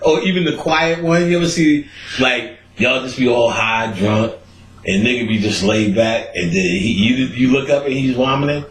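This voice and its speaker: A man's voice: mid-range voice, measured pace. A man hosting a podcast, telling a profane story in casual chat while laughing often. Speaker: podcast host. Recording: roomy echoey recording.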